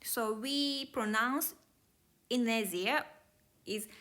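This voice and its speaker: Slow, bright-voiced woman teaching Japanese. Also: fairly high pitch. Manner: careful, step-by-step, non-native English phrasing. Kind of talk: explaining grammar slowly to learners.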